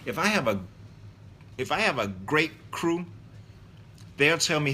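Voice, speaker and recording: A man's voice: a little high, lively intonation, moderate pace, long pauses, sharp tone, slight background noise. A middle-aged man, an author, answering interview questions in a loose, rambling way with many fillers and restarts.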